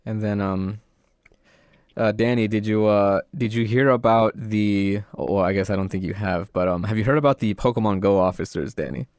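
A young man in relaxed podcast chat, his voice sitting fairly low and dry with no room sound. He tells stories in an animated way, slipping into quoted voices and stacking up fillers. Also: moderate pace, clean tone, no room sound. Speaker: podcast co-host. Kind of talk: casual chat.

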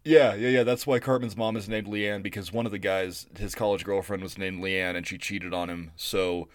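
A man co-hosting a podcast, rambling and profane, getting animated when he retells stories. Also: low voice, moderate pace. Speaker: podcast co-host. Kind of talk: casual chat.

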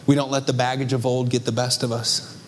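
A man's voice: mid-range voice, little pitch movement, brisk, a little hiss or hum. A young adult man preaching a sermon with passion and emphasis, as pastor on a church stage. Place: church stage before a congregation.

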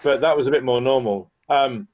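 A man's voice: mid-range voice, fairly quick, a little mellow, lo-fi sound. A man from England co-hosting a podcast, telling a rambling story with chuckles and restarts. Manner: rambling, self-correcting, chuckling. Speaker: podcast co-host. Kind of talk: casual chat, storytelling.

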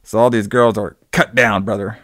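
Another co-host speaks on the low side with a steady tone at normal speed, his voice fairly bright. He rambles profanely through a movie recap in casual conversation, voicing the characters' lines himself. The recording is dry and clean, studio-made.

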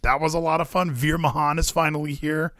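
A man co-hosting a casual chat, talking in excitable rants. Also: a little high, dry recording, clean studio sound. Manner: excitable, quick rants with laughs. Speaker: podcast co-host.

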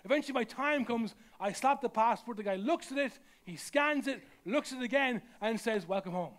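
High-voiced pastor preaching. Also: male voice, normal speed, fairly bright tone. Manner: conversational, repeats words, builds with rising emphasis. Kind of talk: sermon.

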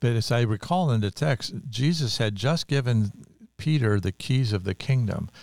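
A man's voice: mid-range voice, animated, normal speed, creaky, a little mellow, dry recording. An older man co-hosting a casual Bible discussion podcast, speaking in an earnest, heartfelt, teaching way. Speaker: podcast co-host.

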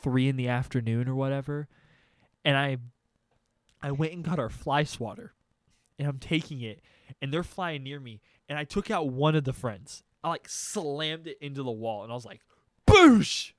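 A young man telling a comedic story on a podcast, animated and profane, acting out sounds and quotes. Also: medium pitch, normal speed, no echo, clean studio sound.

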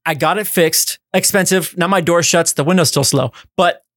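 A man's voice: on the high side, moderate pace, fairly bright tone, no room sound, clean studio sound. A man co-hosting a podcast, telling a story in a casual comedic way, swearing freely and laughing along with his own telling. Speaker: podcast co-host.

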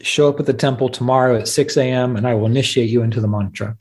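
A man voicing an exasperated, gruff older male guru who brusquely dismisses his student, told within a spoken story. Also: medium pitch, steady tone, fast talker, close to an everyday voice.

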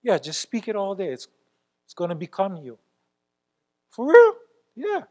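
Lively, high-voiced man preaching. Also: a little fast. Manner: lively, emphatic, swings between loud exclamations and quiet asides. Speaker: church elder preaching. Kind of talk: sermon.

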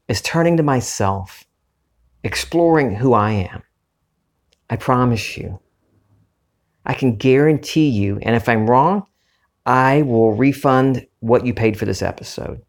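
Gravelly-voiced man hosting a spiritual podcast. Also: medium pitch. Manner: calm, earnest, unhurried. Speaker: podcast host. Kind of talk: reflective spiritual talk.

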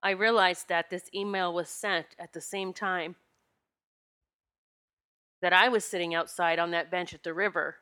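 A woman's voice: fairly low pitch, steady tone, unhurried, long pauses, bright, forceful tone. A woman hosting a podcast, telling a personal story in a heartfelt, emotional way and sniffling as she holds back tears. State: tearful, sniffling. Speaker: podcast host and spiritual teacher.

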